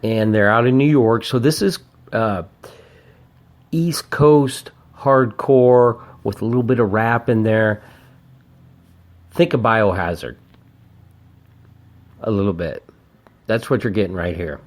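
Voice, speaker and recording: A man hosting his own podcast, reviewing an old album in a casual, rambling way, swearing often and getting excited about the music. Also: on the low side, slow pace, pauses often. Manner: profane, rambling and enthusiastic. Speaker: podcast host.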